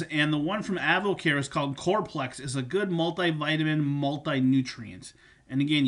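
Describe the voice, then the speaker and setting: A man's voice: a little high, a bit bright. A man coaching viewers on supplements and nutrition, talking casually and repeating his points with fillers. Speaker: fitness coach. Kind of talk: instructional talk on supplements.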